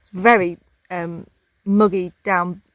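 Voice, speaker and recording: A woman's voice: lowish voice, steady tone, slow pace, dry recording. A woman chatting casually for a travel vlog outdoors, with many hesitations and ums. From England. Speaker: vlogger. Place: outdoors in hills.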